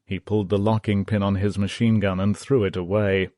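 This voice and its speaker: A man narrating a history audiobook in a steady, measured reading. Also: lowish voice, no echo, studio quality.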